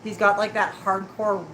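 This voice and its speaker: A woman's voice: mid-range voice, fairly bright tone, poor audio. A woman doing a live-stream tarot reading, chatting and teasing with her viewers and laughing often. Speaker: tarot reader. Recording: clear background noise.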